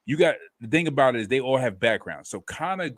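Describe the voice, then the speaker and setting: A man co-hosting a casual talk show, animated and reading out viewer comments. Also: mid-range voice, fast. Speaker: podcast co-host. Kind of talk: casual chat.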